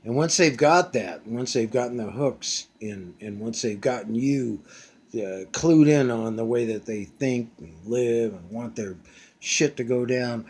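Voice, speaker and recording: A man's voice: medium pitch, measured pace, darkish tone, husky. A man in his fifties ranting casually from a back bedroom at home, blunt and profane, with many fillers. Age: 50s. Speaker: vlogger.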